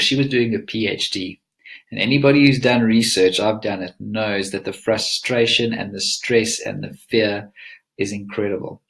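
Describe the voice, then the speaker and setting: A middle-aged man teaches a live webinar as a mindset coach, leaning on words with earnest emphasis. His voice sits a little low for a man. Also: moderate pace, fairly bright tone.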